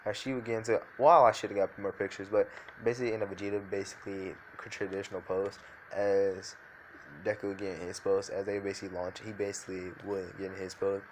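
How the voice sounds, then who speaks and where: A man's voice: low voice, flat delivery, quick pace, a little hiss or hum. A man improvising a fan fiction story, rambling loosely with many fillers and restarts.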